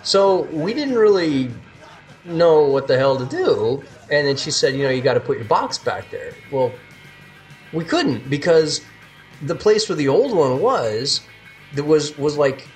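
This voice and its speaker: A man co-hosting a podcast, telling stories in an animated, casual way. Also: a little high, a little slow, soft background music. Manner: animated storytelling, laughs easily. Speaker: podcast co-host. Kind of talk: casual chat.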